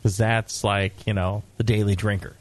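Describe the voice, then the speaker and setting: A middle-aged American man co-hosting a casual brewing talk show, joking and lively, sometimes putting on gruff voices. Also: on the low side, moderate pace, background noise. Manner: animated, joking, mock-gruff put-on voices. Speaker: podcast co-host, brewing expert. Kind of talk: casual chat.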